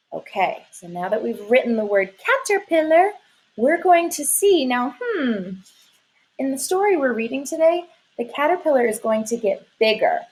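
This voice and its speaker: Slow, sing-song woman teaching small children. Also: high-pitched, darkish tone, rough recording. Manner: slow, sing-song and encouraging, stretching words out. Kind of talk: lesson for young children.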